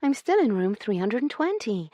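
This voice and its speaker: A man voicing Io, an impulsive, sharp-tongued young woman who exclaims her words high and fast. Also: very animated, no echo, heavily acted. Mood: startled.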